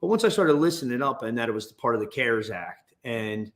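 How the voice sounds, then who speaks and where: A man guest in a casual interview, telling stories in an animated, restless way. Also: mid-range voice, brisk. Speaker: guest business owner.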